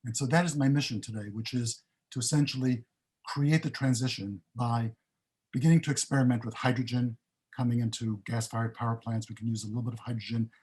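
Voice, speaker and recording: Older guy, husky voice, rambly storytelling, keeps going off on tangents. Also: medium pitch, fairly even intonation, fairly quick, a little mellow. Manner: rambling, self-interrupting storyteller. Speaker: panelist. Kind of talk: recounting career story.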